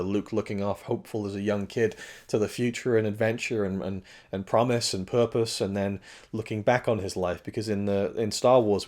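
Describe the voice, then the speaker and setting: A man's voice: on the low side, a little mellow. A man reviewing a film in casual talk. His voice is strained and cracking, and he rambles with frequent restarts and self-corrections.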